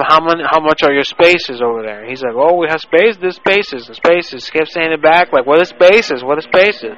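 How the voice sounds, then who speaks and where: A man's voice: on the high side, pushed and bright, dull audio. A man playing a touchy adult male prank caller who keeps taking offense and repeats himself. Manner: indignant, repetitive, picks fights over words. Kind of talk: prank phone call.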